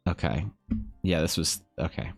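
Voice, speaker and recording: A man streaming live while drawing, chatting casually in a rambling, joking way with animated asides. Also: low voice, moderate pace, gravelly, faint music behind. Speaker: streamer and game master. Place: home streaming setup.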